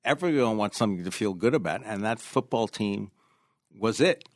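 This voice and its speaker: A man in his sixties with a New York accent, a touch lower-pitched than most, tells his stories as a podcast guest. He leans hard on key phrases and says them again for weight. The sound is close and dry, with no room around it. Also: expressive, moderate pace, no room sound. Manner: emphatic, repeats key phrases. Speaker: author guest. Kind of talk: casual interview storytelling.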